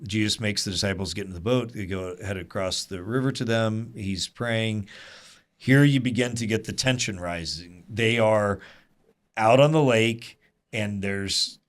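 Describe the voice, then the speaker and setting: Lively low-voiced male Bible teacher. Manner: animated, quick asides and rhetorical "right?". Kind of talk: conversational teaching to a small group.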